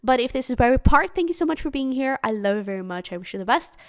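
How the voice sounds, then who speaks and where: A woman's voice: high-pitched, expressive, quick pace. A woman giving a casual tarot reading to camera, chatty and giggly, with many fillers and restarts. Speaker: tarot reader.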